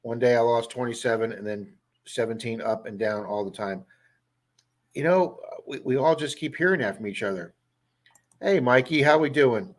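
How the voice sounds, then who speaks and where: Speaking at normal speed in an ordinary middle-pitched voice, a livestream host with a Baltimore accent chats casually. The Baltimore-area man replies to viewers one at a time, naming each of them.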